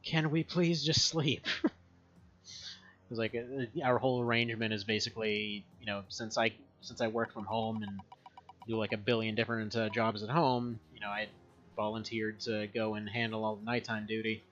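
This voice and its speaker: A man's voice: fairly low pitch, level tone, normal speed, fairly bright tone. Man streaming a game from home, rambly and laughing a lot, slightly muffled mic. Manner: rambling and chatty, laughs often. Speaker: gaming streamer. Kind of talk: casual gameplay commentary.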